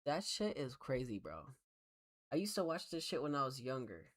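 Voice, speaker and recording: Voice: medium pitch, very animated, normal speed. A streamer giving loose, profane, rambling reactions to videos.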